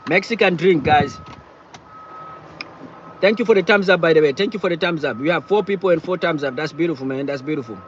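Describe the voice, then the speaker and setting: Higher-voiced man rambling on a live stream. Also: lo-fi sound, slight background noise. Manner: halting, repeats words and phrases often. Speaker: livestreamer reading viewer chat. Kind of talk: casual live-stream chat. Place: in or beside a parked car.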